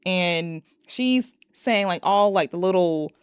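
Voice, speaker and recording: A woman's voice: fairly low pitch, lively intonation, slow pace, clean tone, no room sound, clean studio sound. A young woman casually recapping and reviewing a movie, chatty and profane, retelling scenes dramatically.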